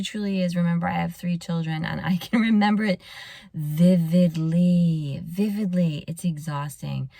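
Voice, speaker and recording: A middle-aged pediatrician hosts a podcast, offering earnest parenting advice and often sinking into a hushed near-whisper. Her voice is low, with no echo.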